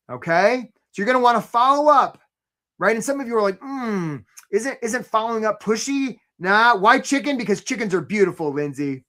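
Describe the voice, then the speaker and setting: A man hosting a live career webinar, chatty and energetic, tagging his points with "right?" and calling out attendees by name. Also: sits high. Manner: chatty, rhetorical "right?" tags, shout-outs to attendees.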